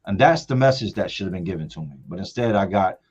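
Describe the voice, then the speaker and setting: A middle-aged man with a low, husky voice tells a story from his family on a casual live stream. He leans on his words and repeats them for effect. The sound is dull and lo-fi, with faint music underneath. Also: expressive, fast, darkish tone. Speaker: father telling a family story.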